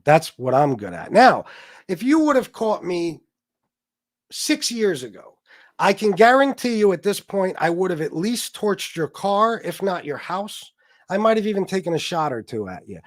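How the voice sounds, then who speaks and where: A man's voice: on the high side, no room sound. A man hosting a livestream, ranting casually in a profane, boastful, taunting way. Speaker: livestream host.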